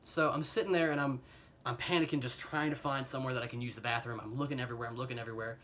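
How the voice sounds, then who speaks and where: A man's voice: mid-range voice, steady tone, racing, a bit bright, a little hiss or hum. A young American man telling an embarrassing personal story in a casual, rambling way, self-mocking and filled with fillers and chuckles, recorded on a phone camera. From United States.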